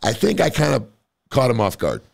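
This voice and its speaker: A man's voice: medium pitch, wildly swooping pitch, brisk, vocal fry, no echo, studio quality. A man hosting an interview show, telling stories animatedly and swearing freely. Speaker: podcast host. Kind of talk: casual interview chat.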